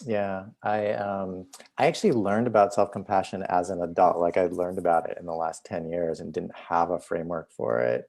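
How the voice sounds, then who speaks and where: A physician and host talking casually on a video call, telling stories with lots of filler words. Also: male voice, low-pitched, normal speed, creaky, darkish tone. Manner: chatty, many "like" fillers. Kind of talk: casual conversational storytelling.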